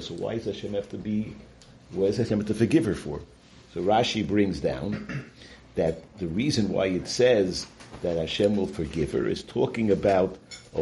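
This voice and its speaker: A man gives an informal Torah talk, and his voice sits on the low side. He halts and restarts often and peppers his with Hebrew and Yiddish terms. A faint hiss runs under the recording. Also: mellow. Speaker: Torah teacher.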